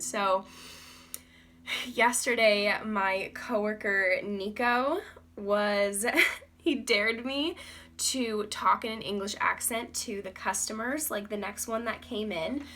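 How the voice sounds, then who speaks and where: A woman's voice: mid-range voice, fairly even intonation, takes it slowly, bright, forceful tone. A young woman chatting in a casual beauty vlog, rambling with lots of fillers and frequent giggles. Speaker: beauty vlogger.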